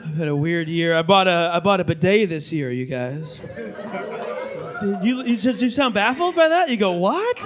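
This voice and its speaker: A man in his thirties doing a stand-up comedy set on a club stage, animated and slipping into mock voices. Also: high-pitched, moderate pace, a crowd in the background. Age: 30s. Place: comedy club stage before a live audience. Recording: live club audience faintly heard. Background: audience laughter.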